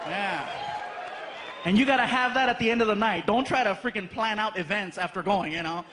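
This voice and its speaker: A man doing stand-up comedy live on stage, telling stories in an animated way with laughter and acted-out voices. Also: high-pitched, brisk, noisy background. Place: live comedy venue with audience.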